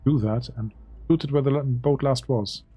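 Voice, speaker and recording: Husky game master who is not a native English speaker. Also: male voice, medium pitch, normal speed, mellow, faint music behind. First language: German. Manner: descriptive, stops to check rules. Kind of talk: narrating a tabletop game.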